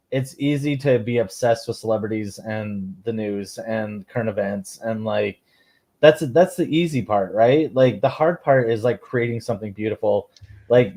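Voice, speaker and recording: A man's voice: medium pitch, a little mellow. A man hosting a podcast, chatting casually and rambling with lots of filler words. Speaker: podcast host. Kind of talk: casual chat.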